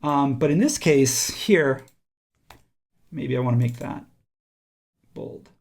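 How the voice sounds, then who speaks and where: Gravelly man talking through a tutorial. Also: medium pitch, slow pace. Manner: relaxed, thinking aloud while working. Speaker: instructor. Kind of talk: screen-recorded software tutorial.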